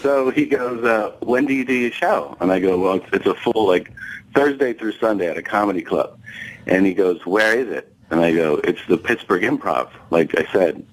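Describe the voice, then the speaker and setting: A man's voice: fairly low pitch, normal speed, low-quality recording. A male comedian telling a profane anecdote on a talk show, acting out the dialogue and laughing along the way. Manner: animated, profane, acts out quoted dialogue, laughs mid-story. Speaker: guest comedian.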